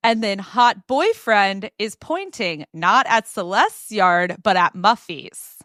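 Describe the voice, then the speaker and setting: A woman telling a story in casual podcast chat, animated, slipping into the voices of the people in it. Her voice sits at a middle pitch, and the sound is dry and close. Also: takes it slowly, no room sound. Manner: animated retelling, acting out quoted characters.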